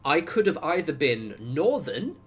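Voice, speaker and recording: Streaming a game, a man from Wiltshire in the Southwest of England talks casually and rambles, sometimes swearing and reacting out loud in his Southern English accent. His voice is fairly high, husky and sing-song, at a measured pace.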